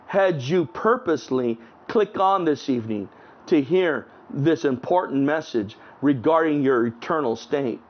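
A man preaching an online sermon outdoors, fervent, swinging between raised exclamations and hushed low tones, reading scripture aloud with emphasis. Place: outdoors in front of a house at sunset. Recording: dull lo-fi recording.

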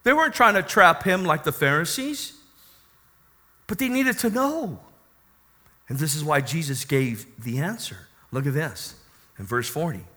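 High, bright-voiced preacher man. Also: very animated, moderate pace. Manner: call-and-response preaching, asks the congregation for amens; swells from quiet teaching to loud exclaiming. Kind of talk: sermon.

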